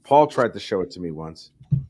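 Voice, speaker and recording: A man's voice: low voice, big pitch swings, a little fast, warm tone. Goofy crude man co-hosting a chat. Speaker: co-host. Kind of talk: casual chat.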